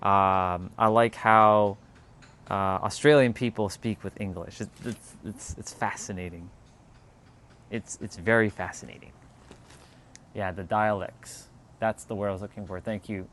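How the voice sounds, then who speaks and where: A man's voice: fairly low pitch, steady tone, a little slow, a bit bright, a little hiss or hum. A man from Canada, chatting casually on a livestream, rambling and restarting his words as he answers chat. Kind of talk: casual live-stream chat.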